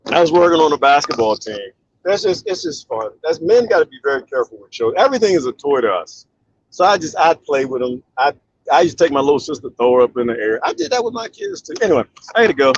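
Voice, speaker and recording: Reading out viewer comments in a casual live chat, this middle-aged man is animated, laughs a lot, and does voices for the quotes. He talks fast in a husky, medium-pitched voice, and the recording's highs are cut off.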